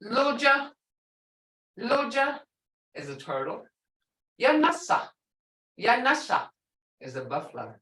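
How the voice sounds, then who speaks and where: A woman's voice: on the low side, very animated, a bit bright, echoey room, recorded from a distance. A woman teaching an online language class, patiently repeating and drawing out each word to show its tone. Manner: slow, patient, models words by drawing out tones. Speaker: language instructor.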